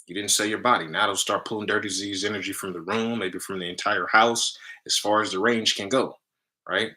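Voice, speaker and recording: A man's voice: on the low side, moderate pace, low-quality recording. A man hosting a spiritual healing live stream, teaching casually in loose fragments and tagging lines with "right?". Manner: energetic, emphatic.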